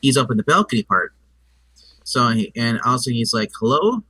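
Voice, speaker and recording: A man co-hosting a casual movie review, talking in a halting, stammering way and acting out scenes as he retells them. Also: mid-range voice, steady tone, bright, forceful tone, recorded from a distance, low-quality recording.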